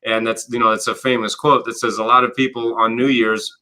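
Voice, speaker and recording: A man's voice: medium pitch, a little fast. A man, a business coach and author, talking as an interview guest, with lots of "you know" and "right?" fillers and acted-out quotes. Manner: animated, explains with acted-out quotes and rhetorical questions. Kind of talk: conversational interview.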